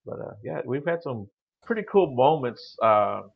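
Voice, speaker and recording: A man's voice: mid-range voice, very animated, normal speed, vocal fry, husky, muffled recording. A middle-aged man telling his paranormal experiences in a casual, rambling way, full of "you know" and "like". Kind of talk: casual storytelling on a call-in show.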